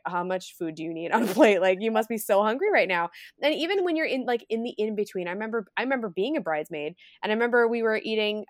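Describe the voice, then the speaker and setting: A young woman talks fast and chatty, rattling through stories and slipping into quick acted-out voices. The recording is close and dry, with no room sound around her. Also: medium pitch, no echo. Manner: chatty, animated storytelling with acted quotes. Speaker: podcast co-host, wedding planner. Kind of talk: casual chat.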